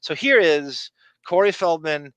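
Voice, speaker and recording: Bright-voiced, blunt, profane podcast man. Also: on the high side, lively intonation, a little slow, dry recording. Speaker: podcast co-host. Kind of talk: casual podcast commentary.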